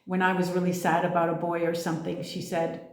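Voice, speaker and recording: A woman's voice: on the low side, completely flat delivery, fairly quick, reverberant. A woman giving a casual motivational talk as a spiritual coach, blunt and emphatic, with frequent swearing.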